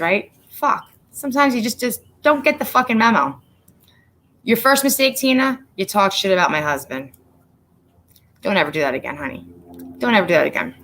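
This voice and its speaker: Woman on a livestream chatting with her viewers, cussing a lot, bright sharp voice, a bit low for a woman. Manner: blunt, profane, talks straight to chat; greets viewers by name between stories. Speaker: livestream host. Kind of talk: casual livestream chat.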